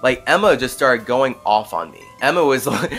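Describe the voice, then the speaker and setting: A young man hosting a podcast, telling a story in an animated, casual way with frequent fillers. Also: mid-range voice, moderate pace, husky, faint music behind. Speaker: podcast host. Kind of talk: casual monologue.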